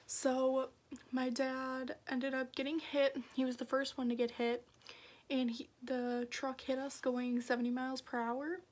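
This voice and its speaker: A young woman from Minnesota telling a personal story to camera in a soft voice that often drops into a breathy whisper. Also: high voice. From Minnesota, USA. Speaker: vlogger.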